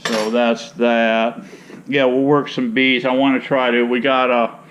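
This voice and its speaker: A man's voice: mid-range voice, little pitch movement, unhurried, a bit bright, dull audio, slight background noise. A man from Michigan chatting casually to viewers in a folksy, rambling way as he mixes tea outdoors before working his bees. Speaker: beekeeper vlogger. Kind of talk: casual vlog chat. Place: outdoors in hot sun.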